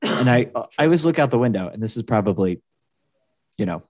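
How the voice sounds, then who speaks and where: A man's voice: medium pitch, quick pace, creaky. A man co-hosting a casual podcast, chatty and joking as he tells stories. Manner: chatty, joking, animated storyteller. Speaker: podcast co-host. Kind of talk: casual chat.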